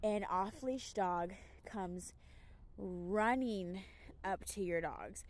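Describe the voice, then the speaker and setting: A young woman dog trainer giving casual, emphatic advice, slipping into quick acted asides. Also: medium pitch. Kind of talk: casual talking-head advice.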